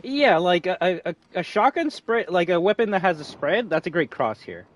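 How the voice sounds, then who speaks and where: A man's voice: high voice, big pitch swings, moderate pace. A young man streaming a horror game live, rambling and joking as he plays. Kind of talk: live gameplay commentary.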